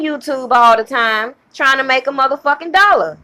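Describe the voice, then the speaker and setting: A fired-up woman rants to her channel audience, swearing freely and hammering her points home. Her voice sits a little on the high side and jumps up sharply when she gets worked up. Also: normal speed, few pauses, bright, forceful tone. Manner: heated, profane, emphatic, repeats herself. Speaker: channel host. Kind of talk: angry rant to camera.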